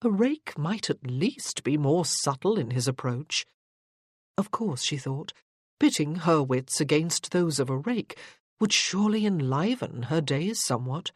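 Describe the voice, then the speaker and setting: Measured audiobook narrator, dry sound. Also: medium pitch, breathy edge, no echo. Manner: even, measured reading. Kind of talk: audiobook narration of a period romance.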